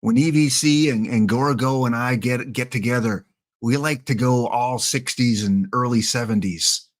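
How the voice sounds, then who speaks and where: A man's voice: medium pitch, normal speed. A middle-aged Canadian man hosting a livestream with casual, joking chat, answering his viewers. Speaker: livestream host.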